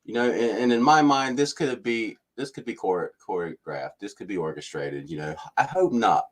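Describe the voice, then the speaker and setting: A man's voice: on the low side, expressive, moderate pace. A man hosting casual political commentary, ranting and mimicking officials. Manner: ranting, mocks officials in put-on voices. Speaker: commentary channel host.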